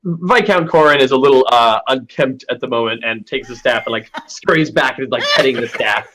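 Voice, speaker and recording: A man's voice: mid-range voice, a little fast, a bit bright. A man playing a tabletop game, describing his character's actions with stumbling restarts. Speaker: player.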